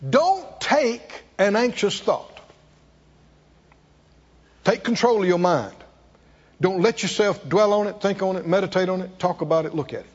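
A male preacher, preaching with rhetorical questions and sudden swings between soft and loud. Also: high voice, animated, measured pace, long pauses, breathy edge. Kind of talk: sermon. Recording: dull, echoey hall.

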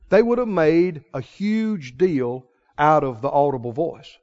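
A man preaching a sermon dramatically, asking the congregation questions and swinging between loud exclaims and hushed lines. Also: a little high, unhurried, hardly any pauses. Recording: dull lo-fi sound.

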